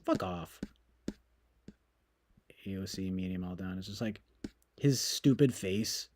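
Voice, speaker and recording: A man's voice: low voice, normal speed, a little mellow. A man streaming, talking casually in a sarcastic, mocking and rambling way.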